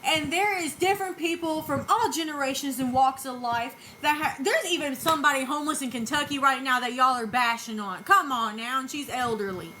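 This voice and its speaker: Woman, high voice, blunt and defensive, faint background noise. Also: fairly quick, few pauses, pushed and bright, low-quality recording. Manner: blunt, defensive, swears freely. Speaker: vlogger reacting to videos. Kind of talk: casual reaction commentary.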